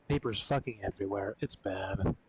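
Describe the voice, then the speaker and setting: A man streaming games, chatting casually and rambling with a lot of swearing, coughing and clearing his throat often. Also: lowish voice, very noisy. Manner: profane, rambling, laid-back. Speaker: gaming streamer.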